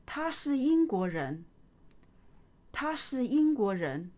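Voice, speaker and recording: Woman tutor, talks real slow, says everything twice, patient. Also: high-pitched, sing-song, mellow. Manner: slow, patient, repeats each phrase. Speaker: Chinese tutor. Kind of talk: slow, clear language lesson.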